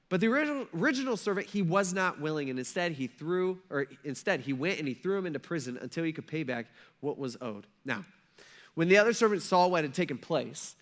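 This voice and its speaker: A man with a notably high voice delivers a sermon as a pastor. He talks in a loose, conversational way and leans hard on key words. He keeps pausing to ask his listeners "right?". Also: a bit bright. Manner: conversational and emphatic, checks in with "right?".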